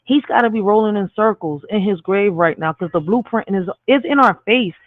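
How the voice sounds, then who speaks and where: A man's voice: sits high, brisk, dry recording, phone-quality sound. A man with a Spanglish accent hosting a casual live stream, speaking in short bursts and tagging lines with "all right?". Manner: peppers talk with "all right?" and "real shit". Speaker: livestream host.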